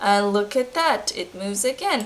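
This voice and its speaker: A woman's voice: mid-range voice, animated, unhurried. A young woman casually commenting on a game she plays, self-mocking and apologetic about her accents. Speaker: gamer, channel host.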